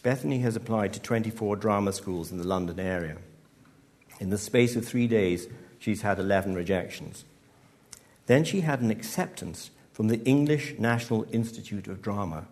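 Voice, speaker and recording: Low-voiced man reading his story live. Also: a little mellow. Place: live event hall.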